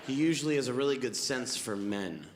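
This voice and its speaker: Man in his twenties, stand-up comedian, wry animated storytelling, live club stage, handheld mic, roomy echo, background noise. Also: mid-range voice, a little fast, a crowd in the background. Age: 20s.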